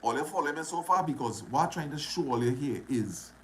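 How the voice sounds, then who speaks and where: A man with a Trinidadian accent tells a personal story to camera in a casual, animated way, repeating phrases for drama. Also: medium pitch, fast talker, slight background noise. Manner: animated, dramatic retelling with repetition and dialect.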